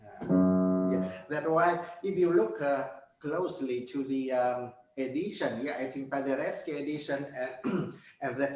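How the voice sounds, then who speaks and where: A man giving a piano master class, coaching in halting, simple phrases with many fillers and sung notes. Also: medium pitch, a little mellow, dull audio. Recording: roomy, from far off, with piano.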